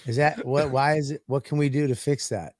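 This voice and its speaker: A man's voice: mid-range voice, steady tone, a little fast, a little mellow, no echo. A man co-hosting a comedy podcast, bantering crudely and laughing often. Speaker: podcast co-host. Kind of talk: casual comedy chat.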